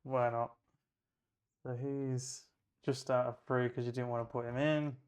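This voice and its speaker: A man's voice: mid-range voice, level tone, normal speed. A man playing a tabletop wargame, thinking aloud as he moves models, measures ranges and rolls dice in casual play commentary.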